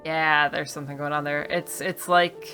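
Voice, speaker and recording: A woman's voice: low voice, fairly even intonation, moderate pace, sharp tone, soft background music. A woman giving casual, wry commentary on a game she is playing, reading the dialogue aloud and joking about it. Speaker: let's play streamer.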